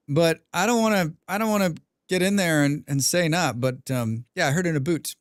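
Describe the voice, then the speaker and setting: A young man streaming a game, chatting casually with his viewers, rambling and clearing his throat often. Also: a little high, expressive, a little fast, hardly any pauses, no room sound, studio quality. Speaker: gaming livestreamer. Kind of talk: casual livestream chat while playing.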